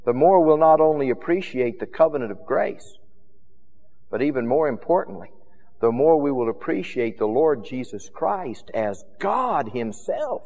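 A man preaching a sermon with emphatic, rhythmic repetition, his loudness rising and falling widely. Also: fairly high pitch, sing-song, a little slow, long reverb tail, lo-fi sound.

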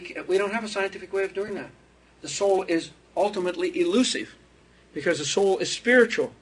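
Husky, rambling older-sounding lecturer man. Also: sits high, a bit bright. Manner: rambling, digressive, chuckles at his own asides. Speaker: theology lecturer. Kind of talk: unscripted classroom lecture.

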